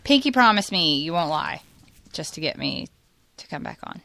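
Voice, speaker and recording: Bright-voiced woman rambling in casual chat. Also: deep voice, sing-song, moderate pace, gravelly. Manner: rambling, explanatory, filler-heavy. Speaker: podcast guest, host's wife.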